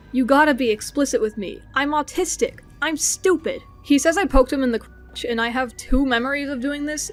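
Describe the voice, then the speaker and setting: A young woman with a slightly high voice answers accusations in a filmed response. She speaks bluntly and emphatically and holds a defensive edge throughout. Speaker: video creator.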